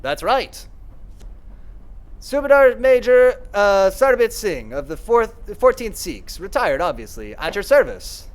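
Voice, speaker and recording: A man's voice: high voice, very animated, a little slow. A man doing a courtly retired army major. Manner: stiff, formal, old-fashioned courtesy.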